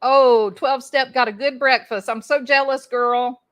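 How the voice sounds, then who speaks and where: A woman's voice: sits high, steady tone, measured pace. Chatty folksy woman on livestream. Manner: chatty, folksy, talks to viewers by name. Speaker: livestream host reading chat. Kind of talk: casual chat.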